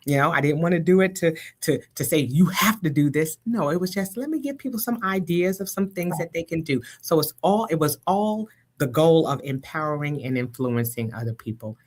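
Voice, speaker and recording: A woman's voice: low-pitched, expressive, fairly quick, a little mellow. A woman guest on a live talk show, speaking reflectively with many "you know" fillers and everyday analogies. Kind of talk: casual conversational interview.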